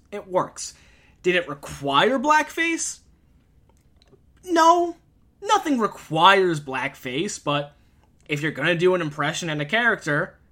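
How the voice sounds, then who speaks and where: A man's voice: on the high side, sharp tone. A man giving heated, profane, emphatic commentary as a video host. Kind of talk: ranting commentary.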